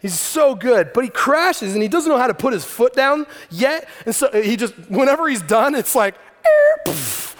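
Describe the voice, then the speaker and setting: A man in his thirties preaching a sermon to a congregation, telling stories in an animated, joking way. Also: very high voice, normal speed, hardly any pauses. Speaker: pastor. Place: large hall before a congregation. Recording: long hall reverb.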